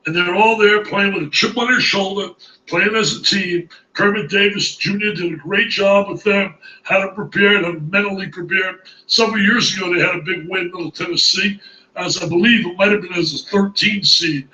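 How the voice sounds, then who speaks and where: A man's voice: sits high, steady tone, moderate pace, pushed and bright, reverberant, distant mic, poor audio. A man reacting as a college basketball analyst, exclaiming emphatically and repeating his phrases in disbelief. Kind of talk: excited studio reaction commentary.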